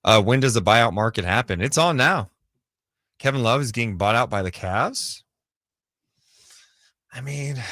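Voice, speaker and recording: Lively, bright-voiced male sports radio host. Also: fairly low pitch, dry recording, clean studio sound. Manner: chatty, quick reactions, reads viewer comments aloud. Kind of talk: casual live sports talk.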